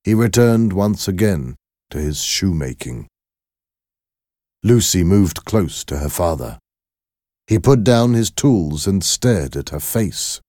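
A man narrating a story in a slow, clear, measured way. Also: sits low, animated, dark tone, no echo, studio quality.

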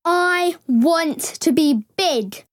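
A man voicing a young boy who has turned into a giant, in a high, slow, emphatic falsetto. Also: very animated, no room sound, clean studio sound, exaggerated voice. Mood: childlike, eager.

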